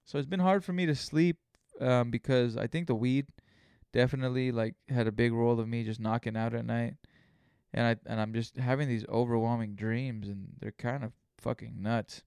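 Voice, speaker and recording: A man talks through a solo podcast episode, drifting from story to story and swearing freely. His mid-pitched voice is smooth and resonant. The sound is dry and close to the mic. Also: fairly even intonation, normal speed, darkish tone, no room sound. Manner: rambling storytelling, heavy swearing. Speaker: podcast host. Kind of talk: casual solo podcast monologue.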